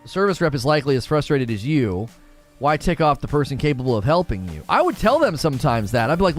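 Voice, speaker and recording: A man's voice: medium pitch, fast talker, soft background music. A man hosting a live gaming talk show, ranting with emphatic opinions. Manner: animated, emphatic opinion rant.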